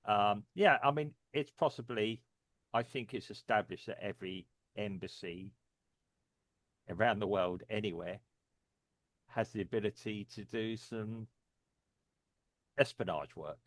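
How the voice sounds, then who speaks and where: Chuckling low-voiced man rambling. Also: measured pace, long pauses, no room sound. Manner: rambling, chuckling often, many fillers. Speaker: podcast co-host. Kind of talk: casual discussion.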